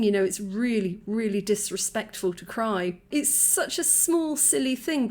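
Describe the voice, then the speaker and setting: A woman in her forties speaks in a casual, reflective vlog style with a slightly higher voice. She is chatty, laughs often and restarts her sentences as she thinks aloud. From United Kingdom. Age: 40s. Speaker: vlogger.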